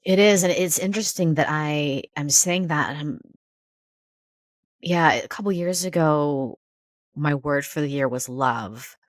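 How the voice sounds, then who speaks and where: Woman with a low voice thinking out loud, halting, restarts a lot, teary, dry close mic. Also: no echo. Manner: halting, searching, many restarts. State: near tears. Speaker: podcast host and counselor. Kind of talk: reflective therapy conversation.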